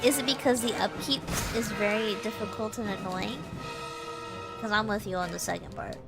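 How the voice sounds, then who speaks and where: A woman's voice: medium pitch, steady tone, moderate pace, vocal fry, over loud music. A woman with a Texas accent chatting casually on a live stream. She laughs often, answers chat and restarts her sentences, and her nose is a little stuffy. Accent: Texan. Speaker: VTuber streamer.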